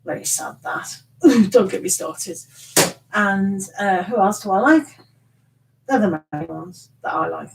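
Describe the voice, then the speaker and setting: A woman's voice: mid-range voice, expressive, measured pace, vocal fry, background noise. A middle-aged woman chatting casually with viewers as a tarot reader on a live stream, rambling and teasing with laughs.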